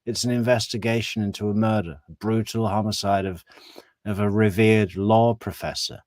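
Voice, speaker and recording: A man's voice: lowish voice, fairly even intonation, normal speed, a little mellow, dry recording, studio quality. A man giving casual, sarcastic true crime commentary to his viewers. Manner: sarcastic, mocking asides.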